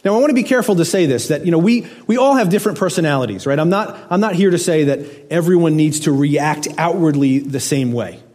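A middle-aged man preaching a sermon, earnest, rising for emphasis and dropping to hushed low lines. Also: quick pace, hardly any pauses, in a large hall. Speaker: pastor.

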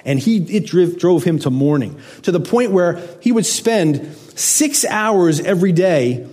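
A middle-aged man preaching a sermon, earnest, rising for emphasis and dropping to hushed low lines. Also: expressive, a little slow, husky, in a large hall. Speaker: pastor.

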